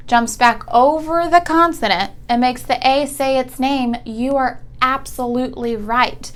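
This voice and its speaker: A young woman teaching a phonics lesson to children over video, speaking patiently and enunciating each sound clearly. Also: high voice, measured pace.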